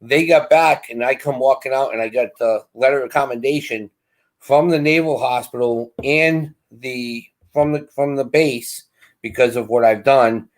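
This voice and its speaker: A middle-aged man casually telling a long story, animated and acting out the voices of the people in it. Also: medium pitch, normal speed. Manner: animated, acts out quoted voices. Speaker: co-host.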